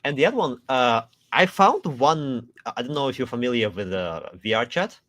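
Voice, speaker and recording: A man's voice: medium pitch, big pitch swings, normal speed, fairly bright tone, no room sound. A man co-hosting a casual livestream, rambling with lots of fillers and restarts. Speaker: co-host, marketing officer.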